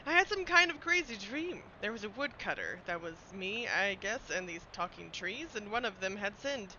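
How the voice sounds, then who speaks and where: Woman streamer, giggly, reads game text aloud, sharp bright tone, faint background noise. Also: mid-range voice, animated, normal speed, lo-fi sound.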